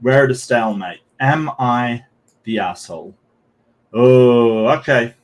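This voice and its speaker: A man talks through a live stream at a middle pitch. He reads posts aloud, greets his chat, and rambles with plenty of ums and restarts. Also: normal speed. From Australia. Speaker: streamer reading and discussing posts. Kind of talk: casual live-stream commentary.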